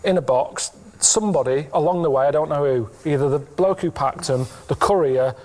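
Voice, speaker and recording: A man, telling stories in a deadpan, rambling, plainspoken way in a TV interview. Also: a little high, moderate pace. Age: 30s.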